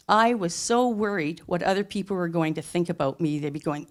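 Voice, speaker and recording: A woman's voice: fairly low pitch, moderate pace. Earnest middle-aged woman telling her story. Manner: earnest, emphatic, plain-spoken. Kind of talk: personal story told live on stage. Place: theatre stage.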